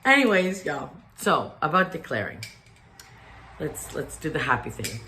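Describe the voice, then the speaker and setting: A woman's voice: low voice, sing-song, a little slow, a little hiss or hum. A woman chatting to camera in her home kitchen, talking about organizing in a rambling, earnest way and urging her viewers on. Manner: rambling, earnest, stops and restarts; chatty and warm toward viewers, drops into exhortation. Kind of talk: casual chat to camera.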